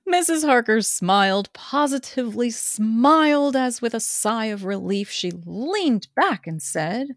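A woman podcast co-host narrating a novel aloud in a steady, earnest way. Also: fairly high pitch, a little slow, dry recording, clean studio sound.

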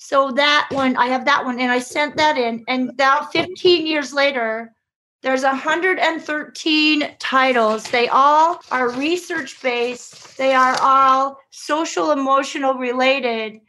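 A woman with a high voice tells her story as a guest. She is lively and she acts out the people she quotes. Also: slow. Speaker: children's book author.

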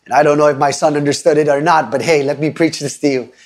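A man's voice: on the high side, fairly even intonation, fast talker. Earnest male preacher, emphatic. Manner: earnest, emphatic, asks listeners to type responses. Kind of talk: online sermon with storytelling.

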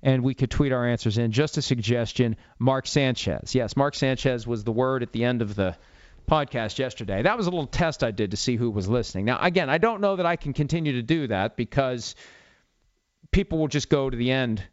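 Talking briskly at a medium pitch, this sports radio podcast host in his fifties delivers a solo monologue full of opinions and self-deprecating tangents. The recording is dry and lo-fi.

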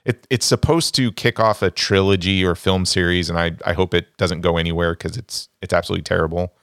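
A man's voice: deep voice, steady tone, fairly quick, a bit bright, no echo, clean studio sound. A man co-hosting a casual movie podcast, bluntly ranking and trashing films he disliked. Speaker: podcast co-host.

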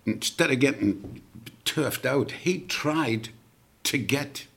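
A man's voice: medium pitch, slow, gravelly, a bit bright, breathy edge. An older man in his seventies, a rock singer as guest, rambling through anecdotes with many fillers and casual swearing. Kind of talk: casual storytelling chat.

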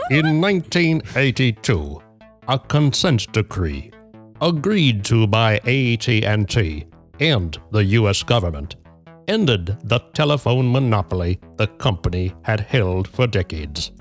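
A man hosting a podcast, reading a prepared story in a measured, dry way that builds to punchlines. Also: on the low side, very animated, soft background music. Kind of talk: scripted narration with casual banter.

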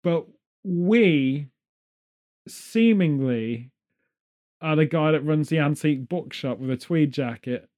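A man's voice: fairly high pitch, takes it slowly, a little mellow. A British man co-hosting a casual chat, rambling and joking, now and then slipping into silly voices. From United Kingdom. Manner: rambling, jokey, slips into silly put-on voices.

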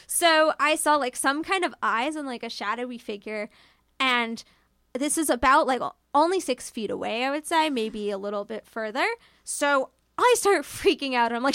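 A woman's voice: sits high, animated, normal speed, pushed and bright, dry recording, studio quality. A young woman casually telling a personal spooky story, chatty and full of fillers, swearing freely and acting out what she said. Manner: chatty, filler-heavy, swears freely, acts out her own quotes.

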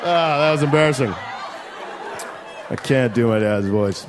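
A man doing a stand-up set in a comedy club, loud and profane, riffing fast and shouting his punchlines. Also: medium pitch. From United States. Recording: live club recording with crowd noise. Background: audience laughter and club noise.

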